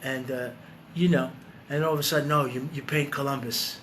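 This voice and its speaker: A man talking bluntly and profanely in a low, quiet voice while grieving, then singing along to guitar. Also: fairly even intonation, fairly quick, a little hiss or hum. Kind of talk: emotional casual talk and singing. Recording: loud guitar music behind.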